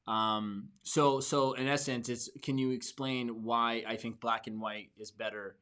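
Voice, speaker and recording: A man's voice: mid-range voice, fairly even intonation, a little slow, sharp tone, smooth. A man hosting a podcast for entrepreneurs, giving a motivational talk with emphatic repeats and restarts. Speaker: podcast host.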